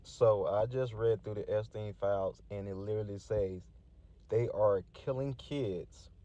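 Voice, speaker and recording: A man's voice: lowish voice, measured pace, mellow, a little hiss or hum. A man speaking in an insistent, alarmed way, in a dull, muffled clip.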